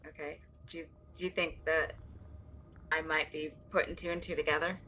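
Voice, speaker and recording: Woman player, lowish bright voice, faint background hiss. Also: little pitch movement, moderate pace, low-quality recording. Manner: questioning, tentative. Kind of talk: casual tabletop play.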